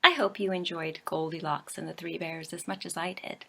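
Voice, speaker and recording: A woman storyteller reading a children's tale aloud, softly and often half-whispered. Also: lowish voice, steady tone, moderate pace, creaky, slightly rough. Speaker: library storyteller.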